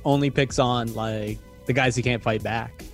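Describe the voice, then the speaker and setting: A man co-hosting a casual podcast, telling stories playfully with quick mock voices. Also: mid-range voice, steady tone, soft background music. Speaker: podcast co-host.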